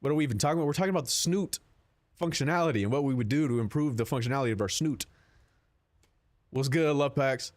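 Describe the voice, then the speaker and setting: A man's voice: mid-range voice, fast, pauses often, a little mellow, no room sound. Rambling, profane young male streamer. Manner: rambling, profane, jokey, answers chat. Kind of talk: casual live-stream chat.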